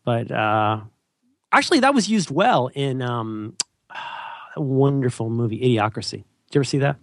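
A man's voice: mid-range voice, animated, normal speed, dry recording, clean studio sound. A man co-hosting a podcast in casual, rambling chat, joking and putting on silly voices. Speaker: podcast co-host.

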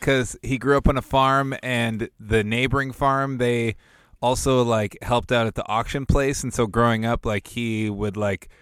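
Man, podcast co-host, playful, jokey, mid-pitched, dry recording. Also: steady tone, unhurried, a bit bright, clean tone, dry recording. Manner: playful, joking. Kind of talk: casual chat.

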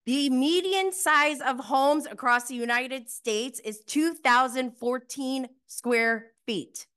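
A woman's voice: high voice, slow, fairly bright tone, clear, resonant tone. A woman hosting a casual recap show, talking in a chatty, sarcastic way full of fillers. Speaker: podcast host recapping reality TV. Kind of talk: casual commentary.

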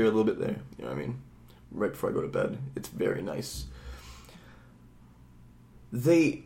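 A man co-hosting a podcast, rambling casually about a video game, swearing freely and acting out bits of dialogue. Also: medium pitch. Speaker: podcast co-host.

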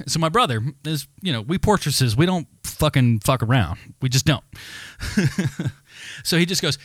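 A man co-hosting a podcast, telling a story in a casual, animated, heavily profane rant. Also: on the high side, normal speed, no echo, clean studio sound. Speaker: podcast co-host.

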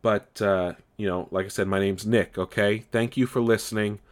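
A man hosts his first solo podcast episode in a loose, rambling monologue. He stammers through restarts, tags lines with "okay?" and swears bluntly, and his voice sits somewhat low. He is from California. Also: steady tone, moderate pace. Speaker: podcast host.

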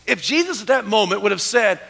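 A man preaching a sermon as pastor, animated, dropping to hushed tones for emphasis. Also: sits high, brisk, creaky, husky. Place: church sanctuary. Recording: long church hall reverb.

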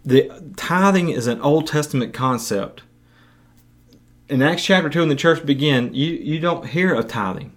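A man's voice: fairly high pitch, lively intonation, moderate pace. A man reading Bible passages and teaching on a podcast, earnest and prone to repeating words as he goes. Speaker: podcast preacher.

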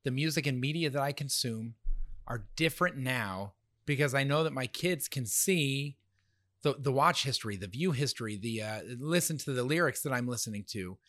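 A man's voice: mid-range voice, animated, normal speed, a bit bright, dry recording. A middle-aged man with a slightly nasal voice, co-hosting a casual faith-based parenting chat in an earnest way, repeating words as he starts his thoughts. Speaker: podcast co-host.

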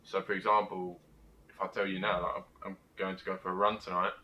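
A man's voice: low voice, little pitch movement, quick pace, lo-fi sound, a little hiss or hum. A young man co-hosting a podcast, explaining his ideas through everyday examples in casual chat. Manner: explains with examples and acted quotes. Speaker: podcast co-host.

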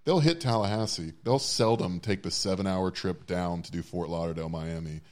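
A man's voice: low-pitched, fairly quick, a little mellow. A man co-hosting a podcast in casual chat, wordy and profane with a self-deprecating streak. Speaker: podcast co-host.

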